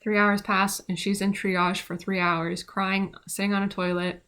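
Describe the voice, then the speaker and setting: A woman's voice: medium pitch, little pitch movement, a little slow, fairly bright tone, smooth. A young woman casually telling a rambling personal story about her midwifery training, with many fillers and restarts.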